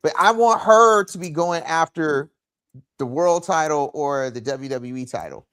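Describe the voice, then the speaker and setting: A man with a lively, fairly high voice that rises and falls a lot chimes in during a wrestling watch-along. He talks expressively in quick remarks to his co-hosts. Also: clean tone. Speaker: wrestling show co-host. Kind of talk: casual watch-along chat.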